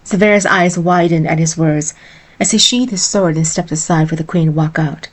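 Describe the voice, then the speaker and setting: A woman narrating a romance story in a calm, even storytelling manner. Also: sits low, moderate pace. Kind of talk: audiobook-style romance narration.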